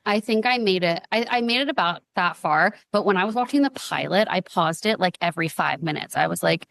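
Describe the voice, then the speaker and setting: A young woman talking on a podcast in a casual, earnest way, with plenty of fillers. Her voice sits low for a woman. The sound is dry and close. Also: animated, fairly quick, creaky, hardly any pauses, fairly bright tone, no room sound. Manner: earnest, uses many fillers like "like" and "um". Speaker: guest, advocacy founder.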